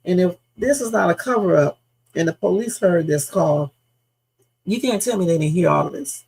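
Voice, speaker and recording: A woman's voice: lowish voice, lively intonation, moderate pace, gravelly, a little mellow, slight background noise, poor audio. A woman hosting a live reaction stream, speculating emphatically with casual slang and repeating her points. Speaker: livestream host.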